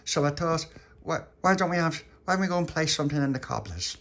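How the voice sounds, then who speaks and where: A squeaky, excitable little boy bosses his friends about with cheeky exclamations, as a man voices him in a storybook telling. The pitch jumps far above the man's own voice. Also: quick pace.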